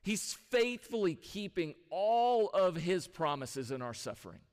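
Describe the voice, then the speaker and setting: A man's voice: high-pitched, sing-song, unhurried, clean tone. A man preaching a sermon from the front of a church, talking in a conversational way and firing rhetorical questions at the congregation. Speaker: pastor. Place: church sanctuary. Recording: long hall reverb.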